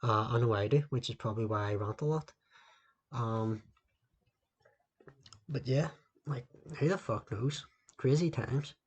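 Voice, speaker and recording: A man with a husky, slightly rough voice rants by himself into a laptop mic for his podcast. His talk is loose and rambling, peppered with swearing, and sits at a middling pitch. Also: measured pace, pauses often. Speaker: podcast host. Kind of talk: solo podcast rant. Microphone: laptop microphone.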